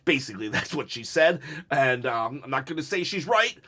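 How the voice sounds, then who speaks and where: Excitable, rambling man reviewing wrestling. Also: mid-range voice, normal speed, husky. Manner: excitable and rambling, with jokey asides and laughs. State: jittery from caffeine. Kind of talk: casual solo review talk.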